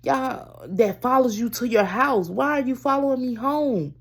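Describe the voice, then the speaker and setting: Slow, gravelly-voiced woman vlogger. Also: a little high. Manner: rambling, halting, addresses viewers as y'all; restarts and trails off. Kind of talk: casual personal storytelling to camera.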